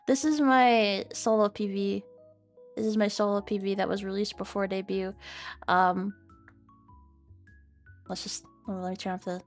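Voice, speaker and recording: Laughing, foul-mouthed woman streamer. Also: medium pitch. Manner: laughing, swearing, self-mocking. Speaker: VTuber streamer. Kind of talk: casual livestream chat.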